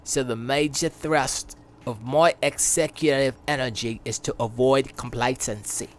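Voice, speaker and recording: A man's voice: mid-range voice, steady tone, a little slow, slight background noise, close to an everyday voice. Man putting on a stiff British executive voice. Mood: formal. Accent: put-on British. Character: formal British male console executive, stiff.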